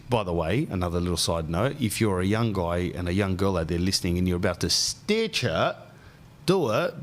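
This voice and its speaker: A man hosting a casual podcast, rambling through stories full of slang. His voice sits fairly low and wanders loosely from one tangent to the next. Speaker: podcast host. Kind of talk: casual chat.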